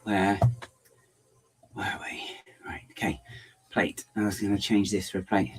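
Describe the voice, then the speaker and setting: A man with a lowish, husky voice talks a little slowly and with little pitch movement as he builds LEGO on a livestream. He chats casually to viewers, rambling, muttering to himself and tossing in playful asides despite a bothersome throat.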